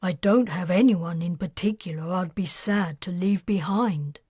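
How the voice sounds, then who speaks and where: A man's voice: high-pitched, a little slow, slightly rough, no echo, clean studio sound. A woman voicing an anxious young man, an indebted weapons expert, in an audiobook, earnest and worried. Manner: earnest, worried, bursts into excitement.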